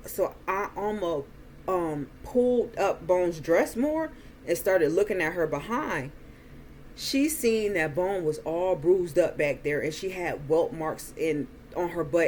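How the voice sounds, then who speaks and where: A woman slowly retelling a movie's plot in a chatty way, acting out the characters' lines. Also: mid-range voice, animated, a little hiss or hum. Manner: slow, chatty retelling with quoted dialogue. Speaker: movie reviewer. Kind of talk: casual movie recap.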